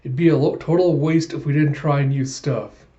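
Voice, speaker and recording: A man's voice: a little high, steady tone, moderate pace, dark tone, lightly acted. Give me a man playing a smug, easygoing male volleyball pro, slightly dull audio. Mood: smug, relaxed. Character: cocky, laid-back male volleyball pro.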